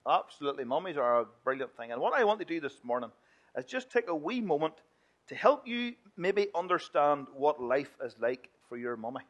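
Male minister, higher-pitched, playful and chatty with the kids. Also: very animated, fairly quick, muffled recording. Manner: playful and chatty, mimicking whiny children. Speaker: minister leading a children's talk. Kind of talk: lively church children's talk.

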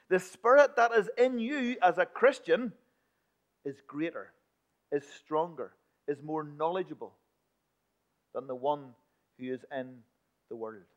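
A man preaching a sermon in a church, emphatic one moment and hushed the next. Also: high-pitched, expressive, moderate pace. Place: church building. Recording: dull lo-fi recording.

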